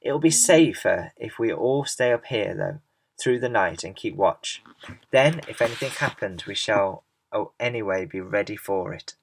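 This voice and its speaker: A man gives voice to a wise old grasshopper from a storybook, measured and courteous, who speaks like a gentle elder. His lines are steady and polite. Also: lowish voice, vocal fry, a little hiss or hum. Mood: grave. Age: older.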